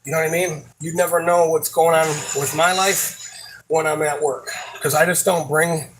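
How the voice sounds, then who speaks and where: Man, somewhat high-pitched voice, venting about work in a frustrated, rambling, profane monologue full of restarts. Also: fairly even intonation, fairly bright tone, a little hiss or hum, low-quality recording. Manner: frustrated, rambling, swears a lot; halting, many fillers and restarts. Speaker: supermarket worker.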